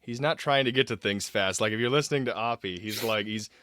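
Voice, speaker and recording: A man's voice: medium pitch, fast, bright, forceful tone, no room sound, clean studio sound. An American man hosting an interview over a video call, friendly and joking. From United States. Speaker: podcast host. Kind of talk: casual interview chat.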